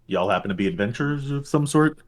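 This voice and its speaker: A man's voice: medium pitch, animated, fast, lightly acted. A man playing a chatty, friendly adventurer. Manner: easygoing, sociable.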